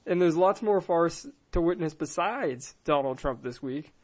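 A man's voice: a little high, animated, a little slow, a little mellow. Sarcastic, rambling podcast host, a man. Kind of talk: casual comedic podcast chat.

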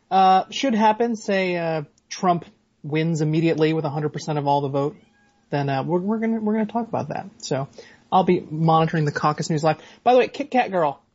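A man co-hosting a comedic podcast over a remote call, talking in a deadpan, dry way. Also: on the high side, muffled recording. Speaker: podcast co-host. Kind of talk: casual comedic podcast chat.

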